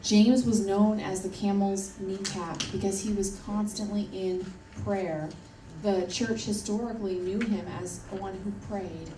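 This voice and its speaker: A woman's voice: mid-range voice, fairly even intonation, measured pace, noisy background. A woman preaching a sermon in an earnest, emphatic way, repeating her key points. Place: church hall. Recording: roomy church audio from a distance.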